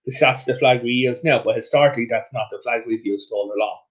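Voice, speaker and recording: A man guest chatting casually about history, telling his stories in an animated way with chatty asides. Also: mid-range voice, quick pace. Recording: muffled lo-fi audio.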